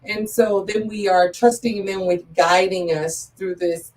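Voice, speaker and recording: A woman's voice: mid-range voice, fairly even intonation, measured pace, a little mellow, distant mic, low-quality recording. A woman guest on a livestream, a photographer and business owner, speaking earnestly and repeating key phrases for emphasis. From Metro Atlanta area. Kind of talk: interview talk.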